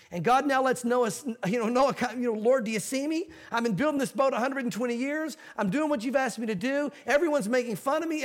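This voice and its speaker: A male pastor preaching a sermon, telling a story with acted-out quotes and teaching from a Bible verse. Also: extremely high pitch.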